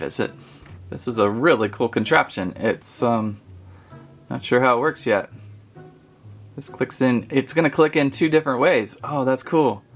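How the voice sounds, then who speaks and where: Toy-review host: chatty, rambling man, mid-pitched, faint music behind. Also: a bit bright. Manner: chatty, rambling, easily amused. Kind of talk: casual unboxing review.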